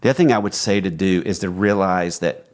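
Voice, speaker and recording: A man's voice: low-pitched, fast talker. A man co-hosting a podcast, speaking in casual conversation as a reflective storyteller who acts out quoted lines. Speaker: podcast co-host.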